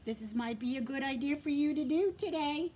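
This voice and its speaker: Gentle teacher reading aloud to children. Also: female voice, high-pitched, fairly quick, slight background noise. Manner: gentle and encouraging, addresses children directly; drops to a soft whisper for quiet moments. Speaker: preschool teacher. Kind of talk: reading a picture book aloud to young children.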